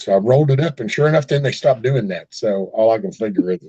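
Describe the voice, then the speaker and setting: Husky man telling folksy stories. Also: on the low side, lively intonation, fast, mellow, poor audio. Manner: folksy storyteller, mild cursing, acts out quotes. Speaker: host of a casual live chat. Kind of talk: casual rambling chat.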